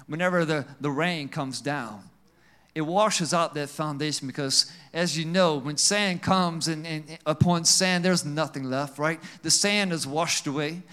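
A male pastor preaching a sermon with call-and-response amens, swinging between emphatic and quiet passages. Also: a little high, unhurried, clear, resonant tone.

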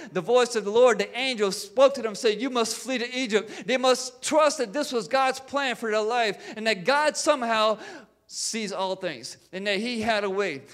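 A pastor preaching a sermon, building in fervor, with repeated words and calls of amen. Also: male voice, high-pitched, a bit bright.

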